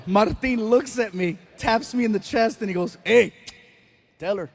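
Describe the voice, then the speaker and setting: A man doing stand-up, telling a story with animated delivery, acting out voices and shouting the punchlines. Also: sits high, moderate pace. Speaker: stand-up comedian.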